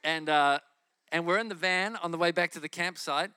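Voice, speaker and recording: A man preaching a sermon, telling a testimony in an animated way and acting out his own inner voices. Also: on the high side, normal speed, smooth, dry recording, clean studio sound.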